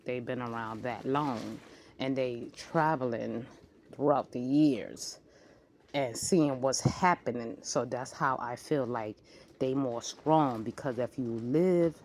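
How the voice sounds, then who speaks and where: A woman's voice: very deep voice, slow, slight background noise. A woman in her forties vlogging in a casual monologue, rambling and jumping from topic to topic. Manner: rambling, jumps between topics; animated, slides into acted-out quotes.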